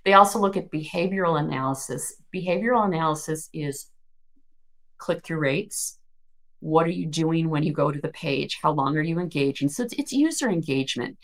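A woman's voice: deep voice, animated, moderate pace. A woman co-hosting a podcast, explaining things thoughtfully at length, often restarting her sentences. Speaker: podcast co-host. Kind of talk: casual discussion of search marketing news.

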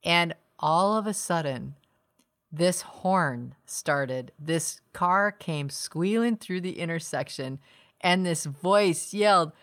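Middle-aged woman podcast co-host, low voice, reflective and chatty, laughs easily. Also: takes it slowly. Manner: reflective, laughs often, restarts sentences. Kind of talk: casual conversation.

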